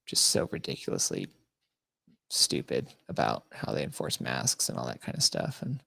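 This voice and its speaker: A man's voice: extremely low pitch, huge pitch swings, normal speed, vocal fry, bright, forceful tone, breathy edge, no room sound. A man co-hosting a podcast, telling stories in a mocking, laughing way during a casual chat. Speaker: podcast co-host.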